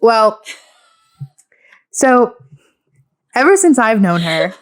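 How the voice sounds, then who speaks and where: A woman's voice: fairly high pitch, sing-song, extremely slow. A young woman co-hosting a podcast, giggly and playful in casual chat. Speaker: podcast co-host.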